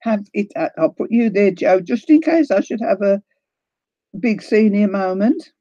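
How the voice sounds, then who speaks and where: Older New Zealand-accented woman, warm mellow tone, chatty livestream host, dull lo-fi audio. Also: medium pitch, lively intonation, unhurried, dry recording. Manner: chatty, greets viewers by name, laughs often. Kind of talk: casual livestream chat.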